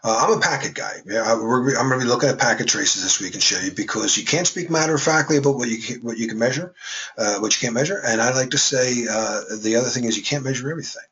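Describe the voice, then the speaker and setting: A man lectures a class in a loose, conversational way, dropping joking asides between points. His voice sits at a middle pitch. The recording is dull and lo-fi, like a classroom capture. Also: fast talker, fairly bright tone. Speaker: instructor.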